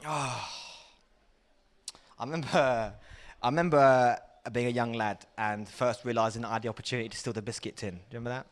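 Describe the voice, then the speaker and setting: A young Englishman doing a stand-up comedy set, excitable, with sudden loud shouty bursts. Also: medium pitch, fast talker.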